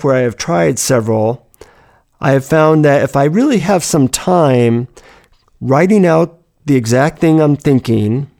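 A man's voice: mid-range voice, creaky, a little mellow. A man giving a reflective self-help talk, telling personal stories about handling negative thoughts.

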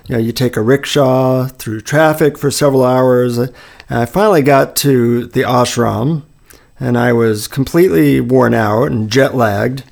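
A man hosting a conversation, telling a personal story in a relaxed, anecdotal way. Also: mid-range voice, creaky. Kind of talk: casual storytelling chat.

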